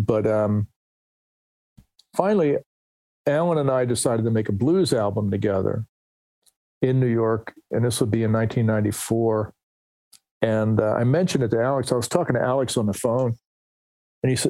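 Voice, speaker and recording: Middle-aged male musician guest; casual anecdotal storyteller, mid pitch, dry recording. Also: brisk, warm tone, no echo. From New Jersey, USA. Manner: rambling, restarts, quotes others in anecdotes.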